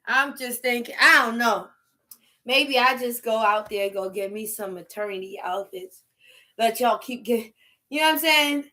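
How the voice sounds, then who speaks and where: A middle-aged woman, chatting casually on a livestream, loud and animated, laughing and shouting at times. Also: on the high side, moderate pace. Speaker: livestream host.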